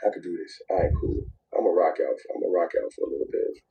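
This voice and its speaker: A man's voice: low voice, quick pace, breathy edge, phone-quality sound. A man telling an emotional personal story in a played clip, repeating phrases and dropping to near whispers.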